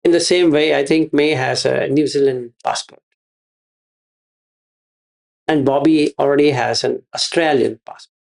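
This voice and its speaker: Gravelly-voiced man giving a Buddhist teaching. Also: on the high side, fairly even intonation, a little slow, pauses often. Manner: repeats phrases and asks rhetorical questions. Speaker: meditation teacher.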